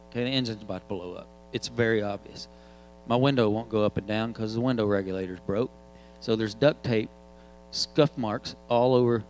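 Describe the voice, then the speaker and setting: A man's voice: on the low side, a little hiss or hum, low-quality recording. A man, preaching in a casual, joking storytelling way. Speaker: guest preacher. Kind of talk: sermon storytelling.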